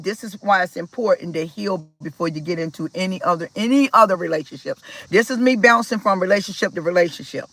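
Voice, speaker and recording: Woman from maryland chatting to her viewers, lively storytelling, bright voice, dry sound. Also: fairly low pitch, fast, no room sound, poor audio. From Maryland, USA. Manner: animated, talks to viewers directly, acts out quoted dialogue. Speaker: spiritual vlogger. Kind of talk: casual storytelling monologue.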